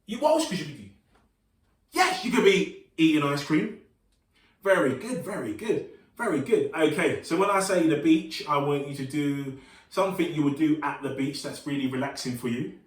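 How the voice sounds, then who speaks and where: Upbeat man leading a kids' workshop. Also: fairly high pitch. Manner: upbeat and encouraging, with playful sing-song call-outs. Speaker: workshop leader. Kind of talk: leading a children's movement and relaxation workshop. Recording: roomy sound, voice from some distance.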